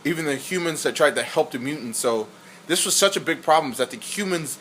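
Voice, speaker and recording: A man co-hosting a casual film review podcast, talking in an excitable, rambling way with lots of "like". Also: a little high, fast, slight background noise, poor audio. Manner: rambling, excitable, fond of filler "like". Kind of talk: casual movie review chat.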